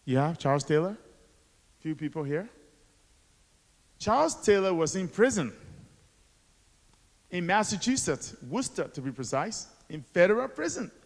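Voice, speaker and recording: A Liberian man in his forties, an author and activist, speaks as a guest at a school assembly, telling his story in a motivational speech and tossing rhetorical questions to the audience. His voice is high-pitched and sing-song, unhurried, with long pauses, and the hall is echoey.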